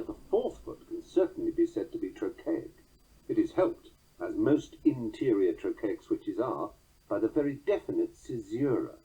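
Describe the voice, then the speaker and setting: A man with a very husky, breathy voice delivers a prepared lesson on poetic meter. His intonation rises and falls widely as he explains. The sound is thin and boxy, like a voice heard over a phone line. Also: mid-range voice, mellow. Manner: measured, slows down to recite quoted verse. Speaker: teacher explaining verse meter. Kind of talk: scripted lecture narration.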